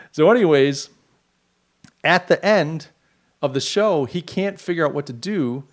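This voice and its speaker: A middle-aged man hosting a podcast, talking in a rambling, animated monologue with mocking asides. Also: fairly high pitch, slow pace. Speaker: podcast host. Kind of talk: casual opinion monologue.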